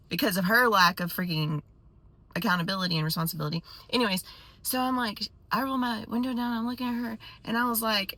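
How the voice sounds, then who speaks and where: A woman vlogger telling a story to her viewers in a casual, animated way with quick asides. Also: on the high side, no room sound.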